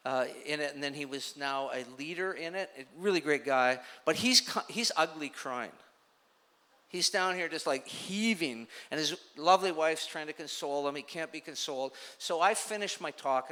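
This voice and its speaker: A man's voice: mid-range voice, bright, forceful tone, smooth. A man preaching a sermon, telling a story in a conversational way, recorded in a large hall. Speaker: pastor. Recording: long hall reverb.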